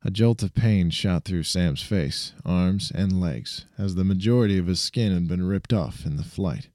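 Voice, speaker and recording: Low-voiced man reading a story aloud. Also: measured pace, darkish tone, dry recording, clean studio sound. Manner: frequent restarts and self-corrections. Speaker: narrator.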